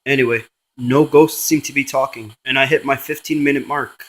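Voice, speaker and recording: A man's voice: medium pitch, steady tone, normal speed, poor audio. A man, a paranormal investigator, running a spirit box session and coaxingly calling a spirit by name.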